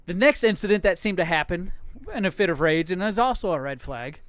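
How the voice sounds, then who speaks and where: A man co-hosting a podcast, telling crude stories about home life in an animated, profane way and acting out other people's lines. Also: high-pitched, a little fast, clean tone, dry recording. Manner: animated, profane, acts out his wife's lines. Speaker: podcast co-host. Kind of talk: casual crude storytelling.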